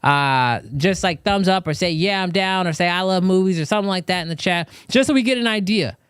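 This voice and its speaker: A man's voice: high-pitched, a little fast, fairly bright tone, clean tone, dry recording, clean studio sound. A man hosting a live show, talking loosely and chatting straight to his viewers. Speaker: show host. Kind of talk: casual live-stream chat.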